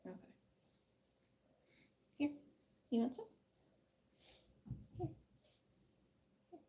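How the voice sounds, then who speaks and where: A woman with a high, bright-pitched voice talks her way through giving a bird its medicine, slipping into soft, sing-song baby talk to coax the animal. Steady noise hums behind her in the recording. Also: extremely slow, lo-fi sound. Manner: cooing baby talk to a pet, soft and coaxing. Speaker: animal caretaker and channel host. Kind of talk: casual narration while caring for an animal. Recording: noisy background.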